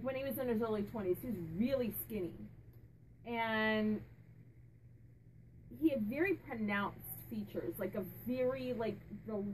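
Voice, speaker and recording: A woman hosting her own channel, chatting casually as she asks a spirit questions out loud and repeats his answers back. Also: on the high side, slight background noise, poor audio. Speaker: psychic medium and channel host.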